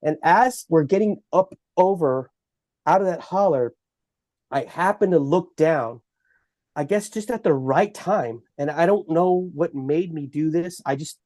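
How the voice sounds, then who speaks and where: A man with a Texan accent tells his story in an animated, halting way. He often restarts his sentences, and his voice sits a little high for a man. The sound is dry and close, with no room around it. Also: dry recording. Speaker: bigfoot researcher guest. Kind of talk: storytelling in a podcast interview.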